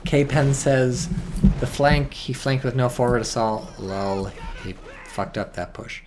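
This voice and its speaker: A man giving casual, excitable commentary on a strategy game, swearing and reading chat aloud. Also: mid-range voice, slow, over music. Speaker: game caster.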